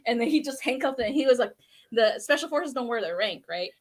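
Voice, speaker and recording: A woman's voice: a little high, expressive, brisk. A woman guest in a casual podcast chat, telling stories animatedly, laughing a lot and swearing freely.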